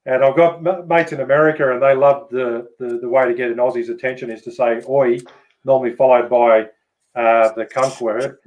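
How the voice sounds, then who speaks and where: A man with an Australian accent chatting casually as host, relaxed and swearing freely. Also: mid-range voice, brisk, dull audio. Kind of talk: casual chat.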